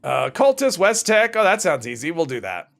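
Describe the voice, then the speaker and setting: A man's voice: on the high side, wildly swooping pitch, normal speed, gravelly, fairly bright tone, soft background music. A man streaming a game, rambling casually and chatting with viewers as he plays. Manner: rambling, chats with viewers while playing. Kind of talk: casual gameplay commentary.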